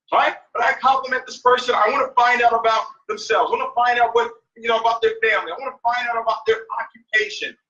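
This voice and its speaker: A man's voice: very high-pitched, sharp tone. A man coaching on a mentorship call, emphatic and repetitive, often checking in with "right?". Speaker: network marketing mentor. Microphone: phone or conference call. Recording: dull, echoey, far from mic.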